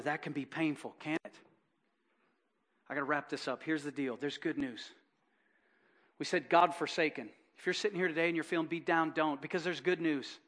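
A man preaching a sermon as pastor, impassioned, swinging from loud urgency to hushed, fervent preaching with rhetorical questions. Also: sits high.

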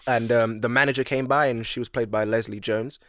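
A young man co-hosting a casual podcast, an animated storyteller who acts out voices and laughs often. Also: mid-range voice, brisk, no echo, studio quality. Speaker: podcast co-host. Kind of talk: casual chat.

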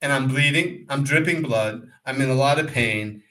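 A man co-hosting a podcast, telling a rambling, animated story in casual talk and acting out the voices in it. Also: mid-range voice, normal speed, slight background noise, rough recording. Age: adult, former pro cyclist. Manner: rambling, animated, acts out quotes. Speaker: podcast co-host.

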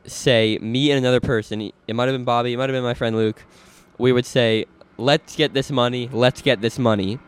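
Young man, podcast co-host, smooth voice, dry close sound, laid-back rambling chat. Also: mid-range voice, no room sound. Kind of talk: casual chat.

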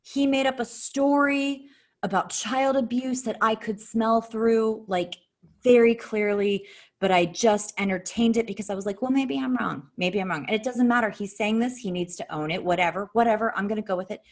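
A woman telling a personal story in casual talk, blunt and profane, her voice jumping sharply in pitch. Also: moderate pace. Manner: animated, with sharp jumps in pitch.

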